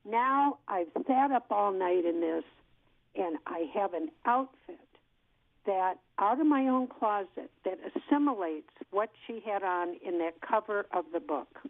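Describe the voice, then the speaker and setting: A woman in her sixties, an actress, telling an animated story in an interview and acting out what people said. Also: mid-range voice, unhurried, vocal fry, dry recording. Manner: lively storyteller who acts out what people said. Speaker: actress guest. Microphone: telephone. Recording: tinny phone line.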